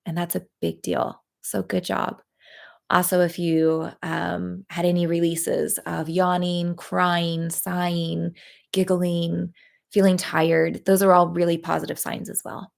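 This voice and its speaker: A woman leading a live guided tapping session, talking in a gentle, encouraging way with many pauses and fillers. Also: lowish voice, completely flat delivery, creaky. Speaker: EFT tapping practitioner.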